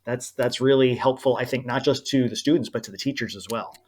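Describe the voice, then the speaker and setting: A woman hosting a podcast interview with a strikingly deep, low voice. She affirms her guest warmly and moves the conversation along with follow-up questions. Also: brisk. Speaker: podcast host.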